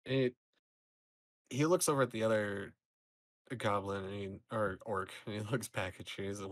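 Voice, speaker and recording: Male game master, low voice, loose rambling narration, tabletop game. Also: moderate pace, pauses often. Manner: loose, filler-heavy narration.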